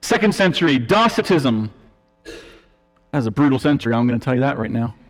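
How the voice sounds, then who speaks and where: A man's voice: medium pitch, very animated, brisk, faint music behind. A male preacher delivering a teaching sermon, emphatic and explanatory, with self-deprecating asides. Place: church sanctuary. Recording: long reverb of a church hall.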